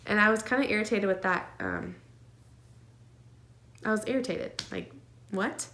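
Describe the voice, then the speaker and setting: A woman's voice: mid-range voice, huge pitch swings, unhurried, fairly bright tone, a little hiss or hum. Woman telling an emotional story, echoey room. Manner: emotional, earnest, many fillers and nervous laughs. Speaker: vlogger sharing her twin pregnancy. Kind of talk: casual personal storytelling.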